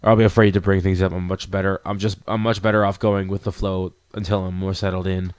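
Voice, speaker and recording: An awkward young man new to a club, voiced by a man a bit below his usual pitch. He speaks in a low-key, hesitant way. The recording is dry and close. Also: little pitch movement, fast, a little mellow, clear, resonant tone, no echo, natural voice.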